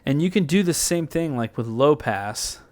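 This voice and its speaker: A man hosting a music software tutorial, thinking aloud in a loose, rambling way with plenty of fillers and self-corrections. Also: a little high, expressive, normal speed.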